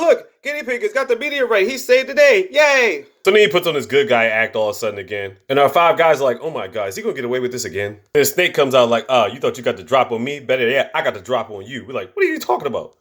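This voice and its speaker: A man's voice: medium pitch, a bit bright. A man casually recapping a film's plot, slangy and profane, acting out the characters' lines as he retells it. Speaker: movie reviewer.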